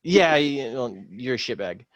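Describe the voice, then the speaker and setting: A man, a former Marine, telling a war story in casual podcast chat, rambling with many pauses and swearing freely. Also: mid-range voice, expressive, no room sound.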